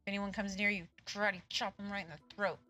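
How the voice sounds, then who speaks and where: Giggly woman streamer, bright voice. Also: mid-range voice, fairly even intonation, fast talker, faint music behind. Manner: giggly, crude joking, laughs often. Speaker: live streamer. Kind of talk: casual live-stream chat while gaming.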